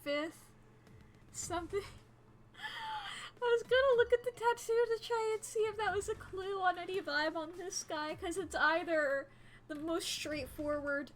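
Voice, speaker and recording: An excitable woman streamer chatting casually through a game, quick to laugh and animated. Her voice is high and bright, with faint music playing under her. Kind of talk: casual live-stream commentary.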